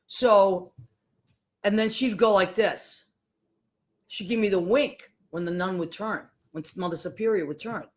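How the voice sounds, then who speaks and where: A woman, hosting a podcast and telling a family story in a casual, animated way, acting out the voices of the people in it. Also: medium pitch, moderate pace. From Boston, USA. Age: 50s. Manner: animated, acts out voices of people in her stories. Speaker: podcast host.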